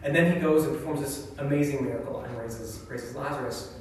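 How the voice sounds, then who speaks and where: A man's voice: medium pitch, a little fast, far from the mic, a little hiss or hum. Man speaking in an echoey hall. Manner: casual and reflective, often asks "right?". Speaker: church speaker. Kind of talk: conversational scripture talk.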